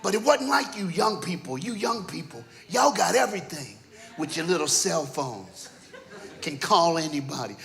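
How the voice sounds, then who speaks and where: Animated high-voiced preacher spinning funny stories. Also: male voice, normal speed, gravelly. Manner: animated, punchy storyteller who acts out family characters. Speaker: guest preacher. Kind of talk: comedic storytelling sermon. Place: church auditorium stage.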